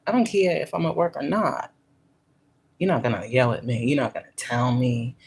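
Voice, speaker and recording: A woman's voice: very deep voice, animated, moderate pace, breathy edge. A woman giving a casual spiritual pep talk, cursing freely and talking with emphasis. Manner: profane and emphatic, acting out quoted voices. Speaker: spiritual teacher; workplace manager.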